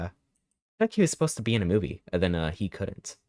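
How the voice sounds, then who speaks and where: Excitable young male streamer, swooping voice. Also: lowish voice, brisk. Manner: excitable, thinks aloud, reacts in bursts. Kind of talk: live-stream gameplay commentary.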